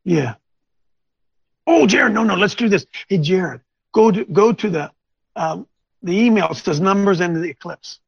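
A man with a high, gravelly, husky voice preaches to camera on his Bible show. He rambles, throws in folksy asides and turns to talk with his crew. The sound is dry and a bit dull, with a lo-fi feel. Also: expressive, measured pace, pauses often, no echo. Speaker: host of a Bible teaching show. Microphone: on camera, wearing glasses.

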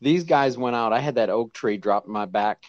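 A pastor calling in to a livestream, friendly and brisk, laughing as he gives his update. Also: mid-range voice, muffled recording. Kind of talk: casual call-in update.

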